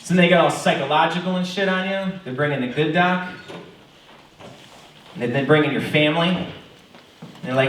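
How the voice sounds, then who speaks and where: Stand-up guy, higher-pitched voice, profane and mock-earnest, recorded from a distance. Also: normal speed, long pauses, fairly bright tone, a little hiss or hum. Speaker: stand-up comedian. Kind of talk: stand-up comedy set. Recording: very echoey room, mic far off.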